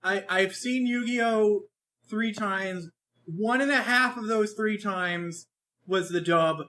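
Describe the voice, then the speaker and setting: A man with a high voice co-hosts a casual podcast chat. He talks in an animated, rambling way, swears freely and restarts his sentences often. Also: slow pace. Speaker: podcast co-host reviewing an anime.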